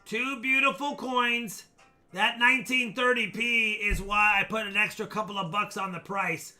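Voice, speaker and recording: A man hosting a live coin auction stream, chatty and excitable, joking as he shows coins. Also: sits high, normal speed, faint music behind. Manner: chatty, excitable, jokes while showing coins. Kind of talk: casual live auction chat.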